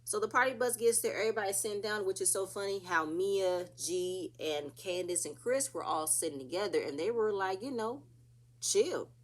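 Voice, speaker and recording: A woman's voice: mid-range voice, moderate pace. A woman casually recapping a reality TV episode, chatty and opinionated, acting out what the cast said.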